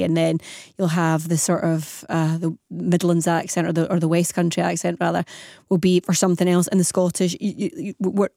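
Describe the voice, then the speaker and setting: Mellow, low-voiced female radio presenter. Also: no echo, studio quality. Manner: conversational, slightly halting. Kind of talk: radio talk show.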